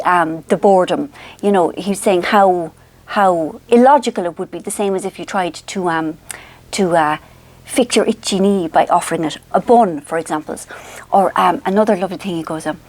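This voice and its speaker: A middle-aged Irish woman chatting to camera at home, animated and self-mocking. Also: medium pitch, dry recording. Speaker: vlogger. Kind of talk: casual chat to camera.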